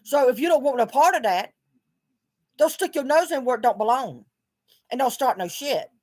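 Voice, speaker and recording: A woman's voice: high-pitched, lively intonation, moderate pace, a little mellow. A middle-aged woman speaking bluntly in a video journal, swearing often as she vents her frustration. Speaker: vlogger.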